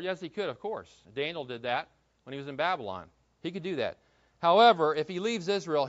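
A man's voice: on the high side, a bit bright, muffled recording. A man preaching an expository Bible sermon in a conversational way, asking the congregation questions as he retells the story. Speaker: pastor.

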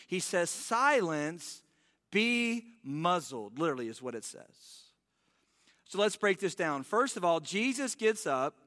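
A man, a pastor, preaching an animated sermon, acting out the panicked voices of the disciples. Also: high voice. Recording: reverberant church hall.

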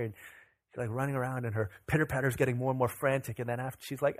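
A man in his thirties, a pastor, preaching a sermon that opens with a lively family anecdote, acting out the dialogue in it. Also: medium pitch, fast talker, gravelly. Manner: animated, acts out dialogue in anecdotes. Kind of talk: sermon with storytelling.

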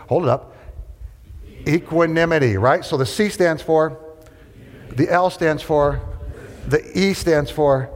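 Animated male preacher in a big hall. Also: a little high. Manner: animated, rhetorical questions and call-and-response. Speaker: pastor. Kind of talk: sermon. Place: large hall with an audience. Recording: long hall reverb.

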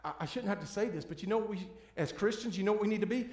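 A pastor preaches a sermon in a church sanctuary, his high, slightly mellow voice racing along. He's earnest and pleading, often restarting sentences, and the room echoes around him.

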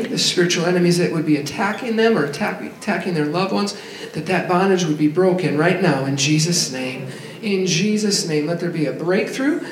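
A man's voice: sits high, a little hiss or hum. A man, a pastor, leading a fervent declaring prayer from the pulpit. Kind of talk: sermon prayer. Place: church sanctuary. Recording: echoey church sanctuary.

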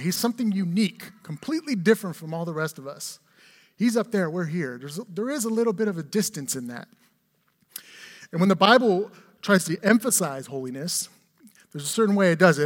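A man's voice: on the high side, big-room sound. A man in his forties preaching a sermon as pastor, telling funny stories and asking the congregation rhetorical questions. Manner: humorous storytelling, conversational with rhetorical questions.

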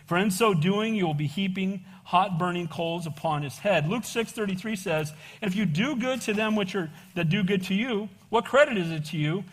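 Man preaching a sermon, high voice, long church-hall reverb, casual, calls for amens. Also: fairly bright tone. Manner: casual slang, says "bro". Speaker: pastor.

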